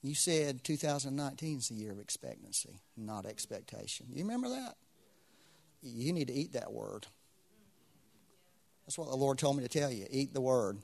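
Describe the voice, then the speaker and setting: A man's voice: mid-range voice, lively intonation, moderate pace, vocal fry, a little mellow. A man preaching a sermon to a congregation, repeating phrases with swelling intensity. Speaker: pastor.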